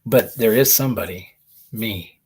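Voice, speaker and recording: A man's voice: on the low side, normal speed, a little mellow, breathy edge. A man hosting a comedy show, telling rambling stand-up stories and laughing through them as he talks into a laptop mic. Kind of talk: stand-up style monologue.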